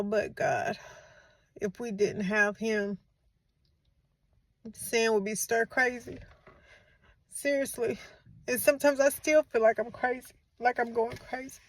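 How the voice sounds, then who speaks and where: A woman in her forties, a grieving mother who hosts a channel, speaks softly and with emotion in a heartfelt faith-based vlog, tearful from crying and repeating phrases to comfort her listeners. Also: on the high side, steady tone, a little slow, pauses often. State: tearful, has been crying.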